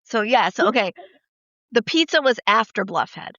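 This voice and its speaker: A woman with a fairly high voice hosts a casual podcast chat. She tells her stories with plenty of swearing and acts out what people said. The sound is dry and a little dull, like lo-fi podcast audio. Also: normal speed, no room sound. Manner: profane, lively storyteller acting out quotes. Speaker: podcast host.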